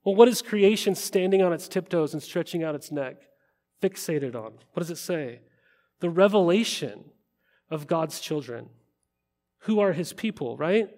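A man's voice: fairly high pitch, expressive, normal speed, a little mellow. A middle-aged male pastor preaching a conversational sermon, often asking his listeners questions.

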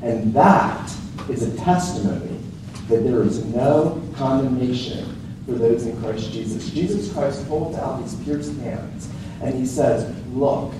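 A man's voice: mid-range voice, a little slow, background noise. Earnest male pastor preaching a sermon. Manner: earnest, emphatic preaching with rising intensity.

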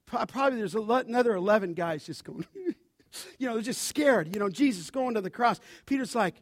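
A man preaching a sermon as pastor, animated, often asking his listeners to finish his sentences. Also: high-pitched, brisk, dry recording, studio quality. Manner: animated preaching, asks the congregation to fill in words.

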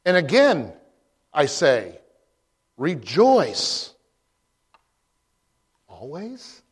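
Male pastor preaching, slow and deliberate, lots of pointed questions, voice a bit on the high side. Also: lively intonation, darkish tone. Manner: rhetorical questions, emphatic and probing; slow, deliberate delivery with frequent pauses. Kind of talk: sermon.

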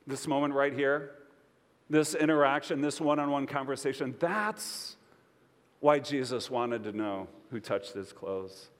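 A man preaching a sermon as pastor, expressive and conversational, asking his listeners questions. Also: medium pitch, unhurried, in a large hall.

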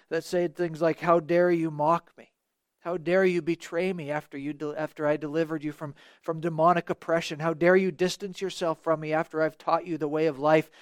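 Man, preacher, sermon, earnest, rhetorical questions, slightly high voice. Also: no room sound.

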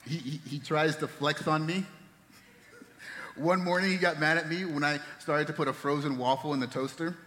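A man in his thirties preaching a sermon as a pastor, telling stories and dropping to soft, hushed tones at tender moments. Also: fairly high pitch, fairly even intonation, normal speed. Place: church sanctuary. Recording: long reverb of a church hall.

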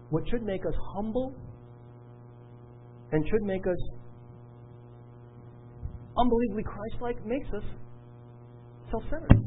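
A man's voice: high-pitched, phone-quality sound, slight background noise. A middle-aged man preaching a sermon with earnest, repetitive emphasis. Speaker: pastor.

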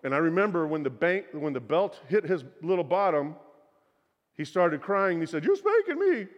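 A middle-aged man preaching, his voice sitting a touch high for a man. He tells personal stories earnestly and often sinks to a soft, confiding hush. A long hall reverb trails behind every phrase. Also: moderate pace, muffled recording. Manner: earnest storytelling, drops to quiet confiding tones. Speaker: pastor. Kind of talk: sermon.

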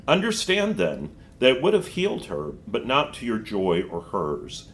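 A man reading a storybook aloud and voicing a solemn, gentle lion who speaks softly to a child. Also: fairly low pitch, wildly swooping pitch, slight background noise, heavily acted. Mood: grave. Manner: slow, grave, soft-spoken.

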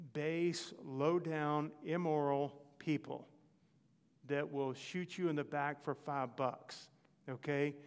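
Man, preacher, sermon, chatty, checks in with listeners, slightly high voice, long hall reverb. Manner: conversational, frequent "okay?" check-ins.

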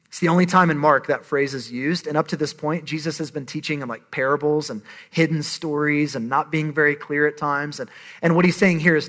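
A man's voice: on the high side, steady tone, brisk, fairly bright tone. A man in his thirties preaching a sermon, conversational and emphatic. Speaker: pastor.

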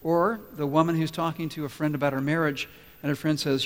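A man preaching a sermon as pastor, emphatic and repeating key phrases slowly for weight. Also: fairly high pitch, level tone. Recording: long reverb of a large hall.

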